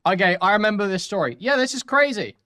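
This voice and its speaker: A man hosting a reaction commentary, talking loudly, swearing and reacting with animated outbursts while reading from posts. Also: high voice, fast talker. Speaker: commentary host. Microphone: studio mic with sound deadening.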